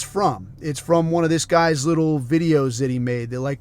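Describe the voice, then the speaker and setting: Middle-aged podcast guy, bit high voice, swears nonstop, rambling casual rant. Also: normal speed, few pauses, a little mellow, clean tone. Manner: profane, rambling storytelling. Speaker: podcast host.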